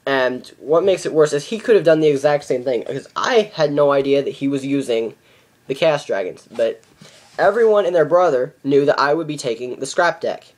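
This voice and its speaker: A man's voice: on the high side, animated, normal speed. A seventeen-year-old boy ranting in a casual vlog, exasperated and repeating how ridiculous things are. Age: teens. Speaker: card game vlogger.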